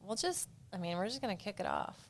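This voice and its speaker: A woman's voice: mid-range voice, huge pitch swings, fast, creaky. Bubbly woman podcast host. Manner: bubbly, enthusiastic, gushing. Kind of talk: casual podcast chat.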